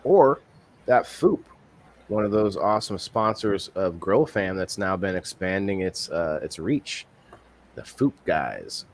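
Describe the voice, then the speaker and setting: A man hosts a casual live-stream podcast, rambling with many restarts and reading viewer comments aloud. His voice is low-pitched and animated, and his delivery is slow.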